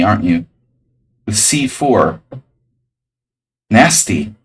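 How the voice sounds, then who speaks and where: Guy streaming chess, talks slow and lowish, kinda off-mic, muttering his moves with dry jokes. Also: expressive, distant mic, poor audio. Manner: thinks aloud about moves, dry jokey asides. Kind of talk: live-stream chess commentary.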